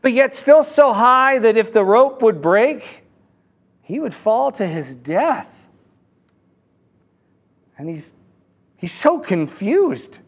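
A man with a notably high voice tells a parable in a sermon. He talks haltingly, often doubling words and restarting his sentences as he goes. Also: sing-song, breathy edge. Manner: halting, frequent word repeats and restarts. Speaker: speaker telling a fable.

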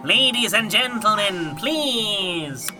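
A performer playing a grand, eccentric aging actress hosting hippie cabins, with a slow theatrical drawl and a wandering accent. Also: medium pitch, lively intonation, music in the background. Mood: grandly.

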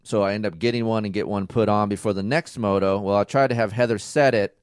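A man's voice: fairly low pitch, steady tone, quick pace, smooth, no room sound, studio quality. A man co-hosting a casual podcast with his partner, giving blunt, profane advice in a lecturing way. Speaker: podcast co-host. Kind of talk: casual couple chat.

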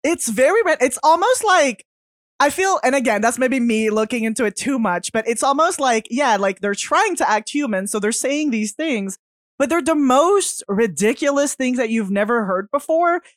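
A woman's voice: high voice, expressive, normal speed, no echo. Chatty woman, dry close sound. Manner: chatty, laughs often, wondering aloud. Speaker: podcast co-host. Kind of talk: casual film discussion.

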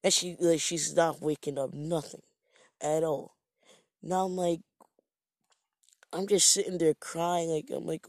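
Male storyteller from Jamaica, higher-pitched, unhurried, profane and rambling, dry sound. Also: steady tone, creaky, darkish tone, no room sound. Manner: rambling, profane, self-mocking. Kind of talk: casual storytime monologue.

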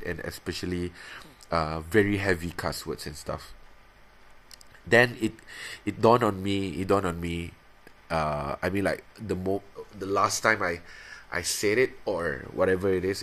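A podcast host in his thirties, with a fairly bright tone, stumbles through a relaxed confession, restarting again and again. He imitates himself in high, playful voices.

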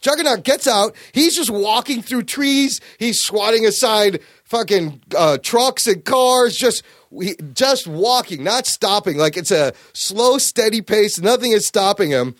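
A man hosts a casual podcast, animated and swearing freely as he recaps a story. His voice is high for a man and very lively in pitch. The sound is dry and close. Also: a little slow, few pauses, dry recording. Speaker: podcast host.

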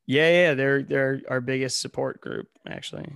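A man's voice: medium pitch, wildly swooping pitch, normal speed, gravelly, fairly bright tone, dry recording. Young man, from Ohio, comedy podcast co-host, sarcastic riffing, dry close sound. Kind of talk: casual comedic chat.

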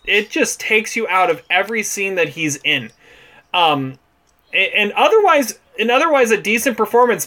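Bright-voiced man in casual podcast chat. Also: a little high. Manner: laughs often, repeats himself. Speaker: podcast co-host.

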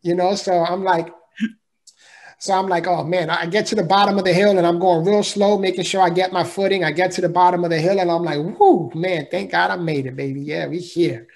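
A man's voice: high voice, fairly even intonation, fairly quick, creaky. A man telling a personal story as an interview guest, earnest and emphatic, in a casual way of talking.

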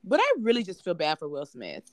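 A woman's voice: fairly low pitch, wildly swooping pitch, brisk, dry recording. A young woman, co-hosting a casual podcast chat, blunt and playful. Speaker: podcast co-host.

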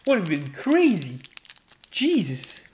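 There's a little hiss or hum as a man comments casually on the hockey card packs he's opening, laughing often and gasping and swearing loudly at the good pulls. His voice is on the high side, expressive, and a little slow.

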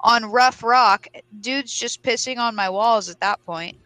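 Brief: young female podcast co-host, blunt storyteller, bright tone, dead-dry sound. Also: a little high, a little slow, dry recording, low-quality recording. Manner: blunt, swears freely, animated storytelling. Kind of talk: casual chat, reading a post aloud.

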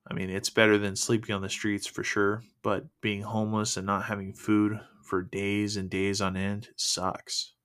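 A man hosting a faith podcast, telling a personal testimony in a halting way with many pauses. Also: on the low side, fairly bright tone. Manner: halting, full of fillers and restarts. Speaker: podcast host sharing testimony.

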